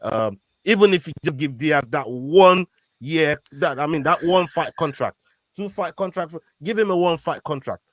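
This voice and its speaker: A fairly high-voiced man co-hosting a casual combat sports podcast, talking in an animated and excitable way. He stammers and restarts when he gets worked up. The sound is close and dry. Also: moderate pace, no room sound. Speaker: podcast co-host. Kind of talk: casual MMA chat.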